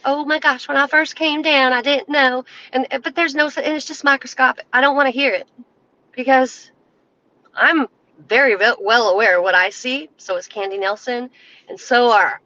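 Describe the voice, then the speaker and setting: A woman with a bright, sharp voice pitched a little high, ranting heatedly to her livestream viewers. She talks emphatically and scolds as she goes, speaking into a cell phone. The sound is dull and lo-fi. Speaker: livestream host. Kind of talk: casual livestream rant.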